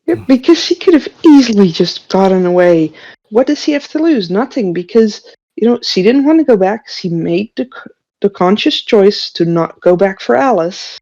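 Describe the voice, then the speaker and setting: A woman's voice: mid-range voice, animated, normal speed, warm tone. Incredulous woman on dull lo-fi audio. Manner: incredulous, questioning. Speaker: podcast co-host. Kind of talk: casual fan discussion. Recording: dull lo-fi sound.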